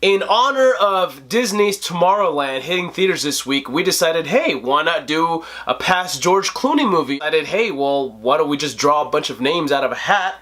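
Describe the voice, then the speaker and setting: A man in his twenties hosting a casual movie review vlog, animated and joking, laughing often. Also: a little high, moderate pace, hardly any pauses. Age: 20s. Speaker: host.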